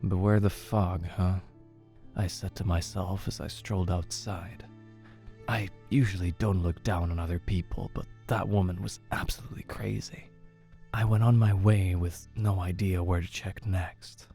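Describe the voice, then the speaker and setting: A man narrating a horror story in a measured, low-key way. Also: steady tone, vocal fry, mellow, faint music behind.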